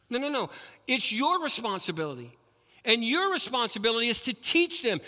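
With lively intonation and a fairly quick pace, a male pastor delivers his sermon in a high, bright, forceful voice. Loud, emphatic peaks alternate with hushed, low stretches, and the sound rings with long reverb from a big church hall.

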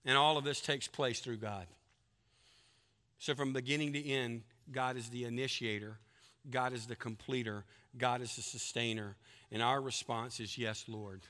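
Emphatic preaching man, bright voice. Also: steady tone, moderate pace. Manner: emphatic preaching with a long joke; plays characters in a told story with big pitch jumps. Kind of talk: sermon.

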